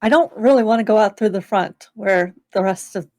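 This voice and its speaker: A woman's voice: mid-range voice, fairly quick, a little mellow, no room sound, clean studio sound, lightly acted. A woman playing a wary, unpopular teen girl.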